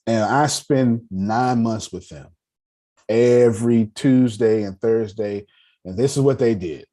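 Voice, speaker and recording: A man in his thirties teaching personal finance as a lively motivational lecture, an emphatic storyteller who repeats phrases for effect. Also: mid-range voice, slow. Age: 30s.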